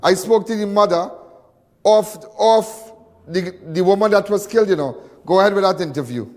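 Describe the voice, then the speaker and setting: A man's voice: high-pitched, normal speed, big-room sound. A man with a Trinidadian accent hosting a live call-in crime show, emphatic and chatty, repeating phrases for effect.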